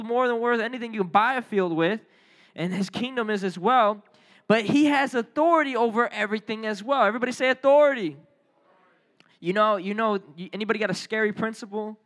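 A man preaching a sermon as a youth pastor, telling lively stories and calling on the crowd to respond. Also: extremely high pitch.

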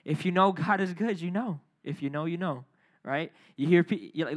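A young adult man preaching a sermon, energetic and playful, calling out to the congregation. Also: fairly high pitch, moderate pace. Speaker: pastor.

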